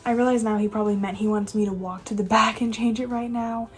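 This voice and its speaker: A young adult woman telling stories from her fast-food cashier job in a casual, rambling way, full of filler words. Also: mid-range voice, steady tone, soft background music. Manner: chatty, rambling, lots of "like" fillers. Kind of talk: casual storytelling vlog.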